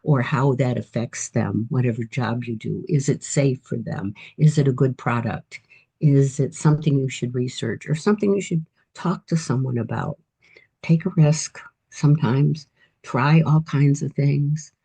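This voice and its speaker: Husky-voiced woman in her eighties. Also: very deep voice, a little slow, dark tone. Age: 80s. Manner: reflective, encouraging, storytelling. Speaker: author guest. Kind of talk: casual interview storytelling.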